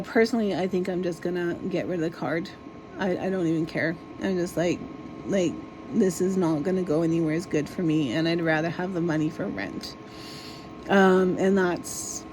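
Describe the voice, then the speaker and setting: A woman's voice: medium pitch, mellow, slight background noise, rough recording. A woman vlogger in an exasperated, casual ranting monologue, swearing freely.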